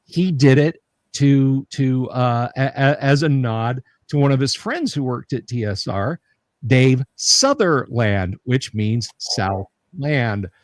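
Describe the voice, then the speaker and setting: A man from the American South hosts a loose livestream conversation, trailing off and restarting his sentences. He tells stories with wry joking asides. His voice sits at an everyday pitch and sounds dry and close. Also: lively intonation, no room sound. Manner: rambling, halting with repeated words and joking asides. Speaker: livestream host. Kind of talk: casual livestream chat.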